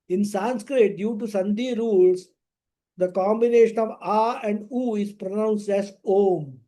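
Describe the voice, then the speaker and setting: A man teaching a scripture class, explaining slowly and chanting Sanskrit verses. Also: high-pitched, steady tone, dark tone. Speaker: spiritual teacher. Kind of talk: scripture lecture.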